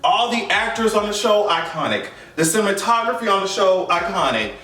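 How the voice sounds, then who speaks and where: A man's voice: high-pitched, expressive, a little fast, sharp tone, recorded from a distance. A man delivering a heated, emphatic and profane fan rant as a vlogger. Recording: echoey room, voice off mic.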